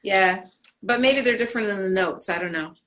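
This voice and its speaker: A woman's voice: medium pitch, a little fast, fairly bright tone. A woman in a group discussion, tentative and thinking aloud.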